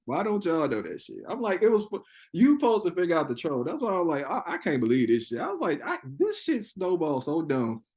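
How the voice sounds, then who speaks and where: A young man telling a story in a casual interview, profane and animated, laughing often and acting out quotes. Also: a little high, a little fast. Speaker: interview guest.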